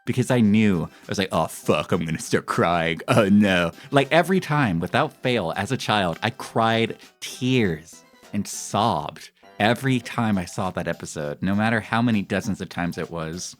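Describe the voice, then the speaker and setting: A man in his thirties chatting casually with his stream viewers in a rambling, animated way, often breaking into laughter. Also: lowish voice, normal speed, hardly any pauses, soft background music. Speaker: live streamer.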